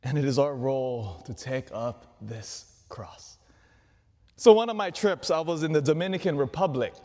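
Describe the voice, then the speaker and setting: A man, a Catholic priest, preaching a sermon in an animated way, full of rhetorical questions. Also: medium pitch, moderate pace. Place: large church. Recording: long church reverb.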